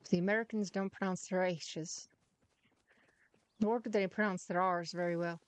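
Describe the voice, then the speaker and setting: A woman's voice: fairly low pitch, fairly even intonation, normal speed, smooth, no echo. Chatty woman playing a game. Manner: chatty, teasing, mutters to herself while playing. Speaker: gaming streamer. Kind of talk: casual gameplay commentary.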